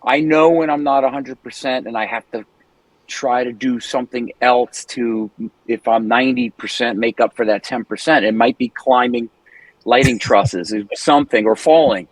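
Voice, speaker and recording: A man's voice: medium pitch, moderate pace, no room sound, poor audio. A man speaking as the guest in a casual interview, telling stories, swearing freely and laughing often. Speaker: guest singer.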